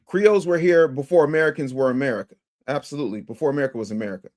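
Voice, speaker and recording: A man's voice: mid-range voice, very fast, a little mellow. A man hosting a live stream, reacting to a clip and reading viewer super chats aloud with energy. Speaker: livestream host.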